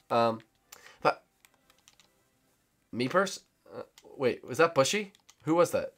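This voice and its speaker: A young man hosting a gaming channel, giving excitable, teasing commentary with sudden shouts. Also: mid-range voice, moderate pace. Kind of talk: casual game commentary.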